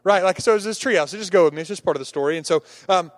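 A man's voice: high voice, very fast. A man preaching a sermon, telling a humorous story with many restarts and acting out the characters' lines.

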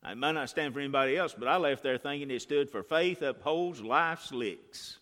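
Man, sermon, bright tone, reverberant room. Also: mid-range voice, normal speed, hardly any pauses. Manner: folksy storytelling, swings from hushed to shouting. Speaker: preacher. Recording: reverberant hall.

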